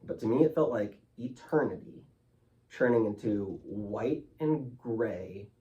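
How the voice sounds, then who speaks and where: A man's voice: lowish voice, lively intonation, slow, warm tone, recorded from a distance, muffled recording. A man speaking as a guest in an interview, telling his story candidly and emotionally, loose with fillers like "like" and "you know".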